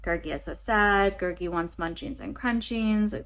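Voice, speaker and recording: A woman's voice: mid-range voice, moderate pace, a bit bright, lightly acted. A woman voicing a pitiful, clingy male creature who whines and speaks of himself in the third person.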